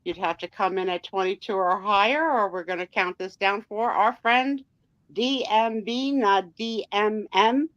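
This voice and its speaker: A woman's voice: mid-range voice, a little slow, a bit bright, no room sound, lo-fi sound. A woman co-hosting a live vintage sale, chatting and calling out bids from viewers. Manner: chatty, runs the bidding and teases viewers.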